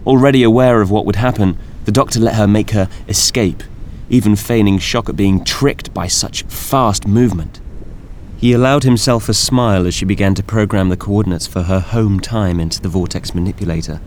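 A man reading a science fiction audiobook in measured, expressive narration. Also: lowish voice, slight background noise. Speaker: audiobook reader. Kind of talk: scripted narration.

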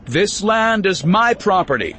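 A man's voice: medium pitch, sing-song, measured pace, slight background noise. A man voicing a tough, stern woman who runs a frontier store, speaking in a raised, commanding voice.

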